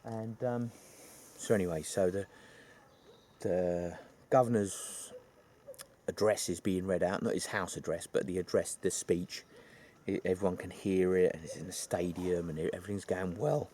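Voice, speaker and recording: A man's voice: low voice, fairly even intonation, moderate pace, mellow, a little hiss or hum. A man retelling a film plot in a rambling, chatty way, full of asides. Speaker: film reviewer.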